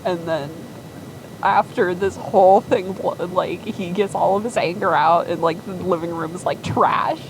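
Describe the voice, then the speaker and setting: A woman's voice: lowish voice, measured pace, background noise. A woman casually telling a made-up story in a rambling way, with lots of fillers.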